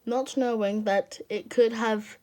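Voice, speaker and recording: A woman's voice: a little high, fairly even intonation, slow, dark tone. A woman reading fan fiction aloud in an emotional way, stopping to laugh and apologize.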